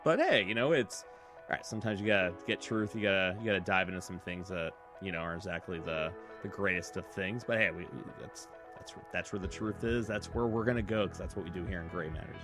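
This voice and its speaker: A man's voice: deep voice, fast, over music. A man around forty hosting a casual political talk show, ranting in a fired-up, profane way. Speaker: podcast host.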